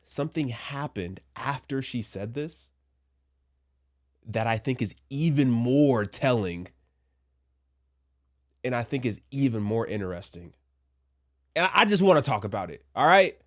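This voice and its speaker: A man's voice: mid-range voice, lively intonation, unhurried, pauses often. A man giving casual commentary from a Christian view, chatty with joking asides, and a little under the weather. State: a little sick. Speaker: commentary vlogger.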